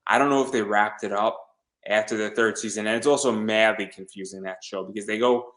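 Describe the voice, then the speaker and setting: A man's voice: lowish voice, steady tone, a little fast, a bit bright. A man hosting an interview who stammers and repeats words while talking enthusiastically. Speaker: podcast host. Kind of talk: casual interview chat.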